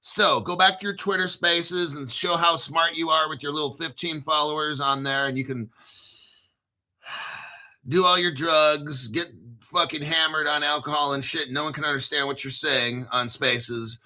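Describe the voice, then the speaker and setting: A man's voice: a little high, steady tone, a little slow, bright, forceful tone. A man in his fifties hosting a crypto video, ranting casually in a blunt, profane, combative way and repeating himself for emphasis.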